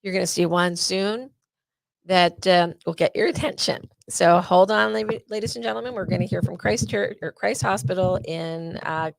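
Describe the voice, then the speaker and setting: A woman hosts a live awareness presentation in a low, gravelly voice. She talks chattily and gets openly emotional. The sound is close and dry. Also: moderate pace, no room sound. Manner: warm, emotional, chatty, uses y'all. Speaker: host of an awareness event.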